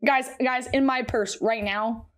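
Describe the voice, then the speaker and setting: A woman's voice: on the high side, steady tone, a little slow. A young woman co-hosting a podcast, retelling stories in casual chat with lots of fillers. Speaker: podcast co-host.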